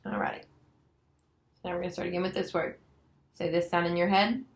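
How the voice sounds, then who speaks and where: A woman demonstrating a nonverbal reading lesson, slowly and patiently sounding out letters and words. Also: lowish voice, fairly even intonation, noisy background. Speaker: special education student teacher.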